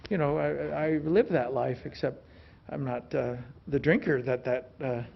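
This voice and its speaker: Gravelly-voiced man recounting stories. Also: medium pitch, unhurried, dull audio, a little hiss or hum. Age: late 50s. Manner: relaxed storytelling, frequent restarts and "you know". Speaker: film actor as interview guest. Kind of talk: onstage conversation. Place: film institute stage before an audience.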